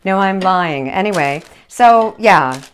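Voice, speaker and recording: A woman hosting a live cooking show, chatting in a bubbly, animated way. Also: medium pitch, takes it slowly, slight background noise. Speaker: host.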